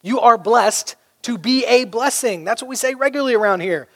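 A man's voice: very high-pitched, moderate pace, vocal fry. A man preaching a sermon as pastor, conversational and humorous, telling stories. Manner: conversational, humorous, animated storytelling. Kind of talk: sermon with storytelling.

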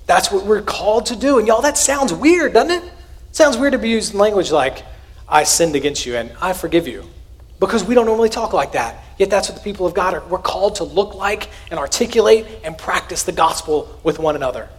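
A man, preaching a sermon in an earnest, conversational way, with emphatic rises and quiet asides. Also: high-pitched, lively intonation, fairly quick. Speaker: pastor.

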